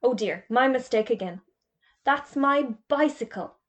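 A woman's voice: a little high, measured pace, a bit bright, pitched above the performer's own voice. Woman doing a cheery, courteous magician. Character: cheery polite male magician, sly and courteous.

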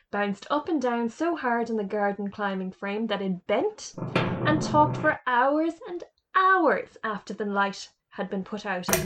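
A woman reading a children's storybook aloud in a clear, measured way. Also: medium pitch, background noise.

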